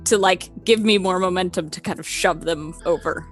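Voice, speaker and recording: A woman playing a tabletop game, giggly and excitable. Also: fairly low pitch, normal speed, faint music behind. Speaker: player. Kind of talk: casual tabletop game play.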